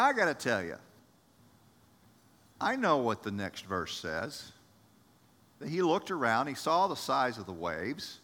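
A man preaching a sermon as pastor, animated, acting out the voices of people in the story. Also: mid-range voice, long reverb tail.

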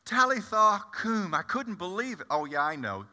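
A man's voice: on the high side, very animated, a little fast, bright, forceful tone, full character voice. A man playing blunt, impetuous apostle Peter. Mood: storytelling. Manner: chatty, confiding asides to the audience. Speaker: preacher performing a first-person monologue. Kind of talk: dramatic first-person monologue. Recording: echoey hall.

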